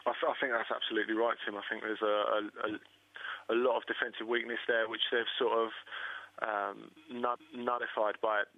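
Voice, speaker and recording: Halting male football pundit on a phone line. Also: fairly low pitch, flat delivery, no echo. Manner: halting, repeats words, analytical. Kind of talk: radio football analysis.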